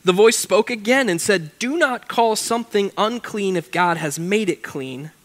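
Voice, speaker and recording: A man's voice: high voice, animated, moderate pace. A young man preaching a casual sermon, reading scripture aloud and breaking off into chatty, joking asides. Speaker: pastor.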